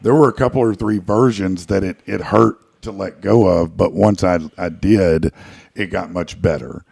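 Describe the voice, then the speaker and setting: A man's voice: deep voice, normal speed, vocal fry, a little mellow, husky, dry recording, clean studio sound. A man chatting as a guest musician, rambling with many fillers and restarts. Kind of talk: casual interview chat.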